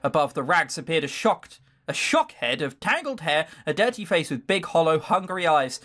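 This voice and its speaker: A man's voice: fairly high pitch, very animated, normal speed, fairly bright tone. A man hosting a let's play, reading a visual novel aloud with sardonic, swearing asides.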